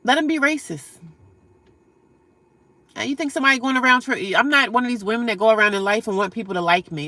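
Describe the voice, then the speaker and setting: A woman's voice: fairly high pitch, quick pace, bright, forceful tone, no room sound. A woman live-streaming from her car, reading viewer comments aloud and scolding trolls in a blunt, sarcastic way. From United States. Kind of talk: casual live-stream chat.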